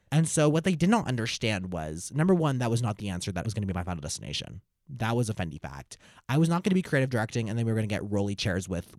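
A young man telling a comic story in a camp, dramatic way, with slow, deliberate delivery. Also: mid-range voice, darkish tone, no echo, clean studio sound. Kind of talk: comic monologue.

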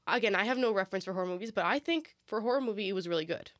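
Fast-talking young woman chatting casually. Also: mid-range voice, no echo, clean studio sound. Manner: chatty, rambling, self-deprecating. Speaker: co-host. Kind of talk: casual chat.

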